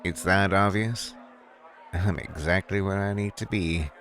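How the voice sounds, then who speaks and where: Man reading a coy male raccoon sleuth for a game; low, unhurried, dry. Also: steady tone, a bit bright. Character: male raccoon private photographer, cocky and coy. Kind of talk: reading game dialogue aloud.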